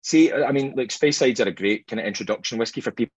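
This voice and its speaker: A man's voice: mid-range voice, fast, slightly rough, dry recording, lo-fi sound. A Scottish man hosting a whisky tasting, chatting casually in a jokey, self-deprecating way. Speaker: host of a whisky tasting show.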